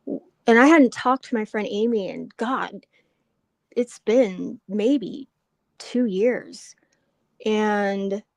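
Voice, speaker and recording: A woman guest in a casual chat, speaking softly and hesitantly with many fillers. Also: medium pitch, dry recording. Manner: soft, hesitant, full of fillers. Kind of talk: casual chat about personal loss.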